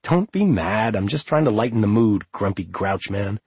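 A man's voice: fairly low pitch, lively intonation, moderate pace, darkish tone, breathy edge, no echo. A man voicing a playful, mocking young woman who cackles and teases in a storybook reading.

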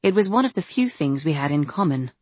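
A woman narrating an audiobook in a measured, even storytelling manner. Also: low-pitched, no echo. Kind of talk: scripted narration.

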